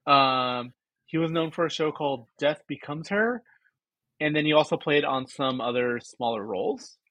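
A podcast co-host in his twenties rambles casually through an episode recap, loaded with fillers and teasing. His voice is a little high and a bit bright at normal speed, in a dry recording.

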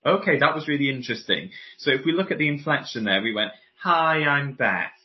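Baritone voice teacher, demonstrating. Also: male voice, lively intonation, fast. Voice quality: classical baritone. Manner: demonstrates vocal exercises and tones while explaining. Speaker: voice teacher and guest. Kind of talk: explanatory podcast interview. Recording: dull lo-fi podcast audio.

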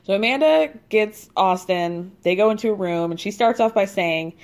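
A woman telling a story with lively energy, her voice pitched in an ordinary middle range. She speaks casually and swears freely, and she laughs at her own side comments as she recaps events for her listeners. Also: normal speed, few pauses. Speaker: podcast host recapping a reality show.

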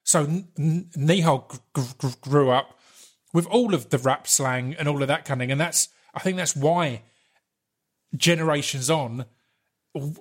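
A man talking casually on a podcast, relaxed and slangy, with stammered restarts. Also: on the high side, unhurried. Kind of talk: casual chat.

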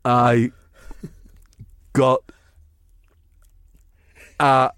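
A man puts on a dim young footballer. He mumbles low, halting replies one word at a time. The sound is dry and close. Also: monotone, fairly bright tone, smooth, dry recording. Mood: mumbling.

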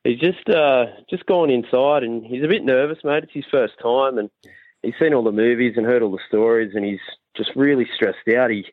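A man's voice: medium pitch, normal speed, dry recording. An Australian man telling a sweary joke as a caller. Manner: storytelling, sweary. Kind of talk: joke told on a voicemail. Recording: tinny dry phone line.

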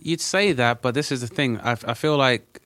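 A man's voice: mid-range voice, moderate pace, a bit bright, no echo. A man in casual podcast chat, talking in a hesitant, reflective way with many restarts.

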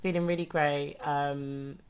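A woman's voice: low-pitched, fairly even intonation, slow, crowd noise. A young woman co-hosting a podcast in casual chat, joking and laughing often. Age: young adult. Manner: joking, laughs often, trails off into soft asides. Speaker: podcast co-host.

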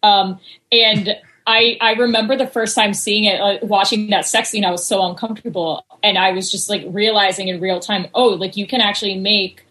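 A woman chats about movies in a casual podcast. She piles on fillers and stammers into her sentences. Her voice sits at an ordinary pitch. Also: steady tone, moderate pace, pushed and bright, poor audio. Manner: chatty with many fillers and stammered starts. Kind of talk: casual film chat.

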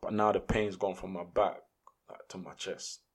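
A man, a podcast guest telling a story in casual, slangy, animated speech. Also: deep voice, moderate pace.

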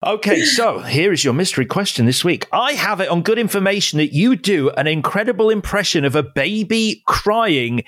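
An upbeat male host chats with a guest and then reads scripted links between segments. His voice sits a little higher than most men's. His delivery shifts easily between loose chat and rehearsed lines. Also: lively intonation, moderate pace, hardly any pauses, a bit bright. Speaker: podcast host. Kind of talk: casual interview hosting.

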